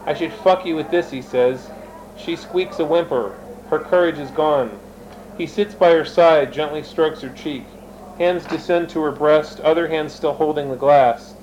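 A man with a somewhat high-pitched voice gives a dramatic reading of his own story. He moves between plain narration and the characters' lines, and he sometimes turns to speak straight to his listeners. A faint hiss sits under the voice. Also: unhurried, a little mellow, poor audio. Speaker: reader of his own fiction.

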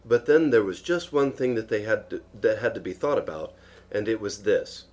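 A man's voice: fairly low pitch, moderate pace, darkish tone. A man reading a children's story aloud, with a storytelling manner and the odd aside. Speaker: reader.

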